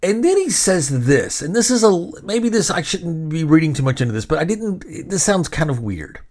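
A man's voice: on the high side, sing-song, moderate pace, a little mellow. A man hosting a podcast, telling a long story in casual chat, rambling and indignant, swearing freely and restarting his sentences. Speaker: podcast host.

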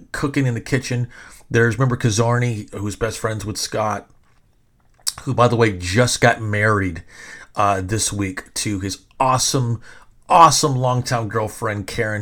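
Middle-aged male podcast host with a lowish voice. He tells stories loosely and profanely, often breaking off and restarting. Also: fairly bright tone. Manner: rambling, profane, self-interrupting. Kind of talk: casual storytelling.

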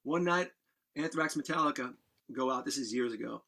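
A man guest on a podcast, telling a wild story in a casual, animated way, swearing and laughing as he goes. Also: medium pitch, normal speed, vocal fry.

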